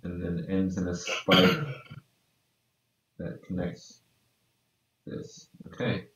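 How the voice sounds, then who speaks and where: A man's voice: completely flat delivery, takes it slowly, a bit bright. A man co-hosting a podcast, chatting casually and muttering to himself as he works on a drawing. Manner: mutters to himself while working, low-key. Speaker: podcast co-host. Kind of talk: casual chat while drawing. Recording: echoey room, distant and dull mic.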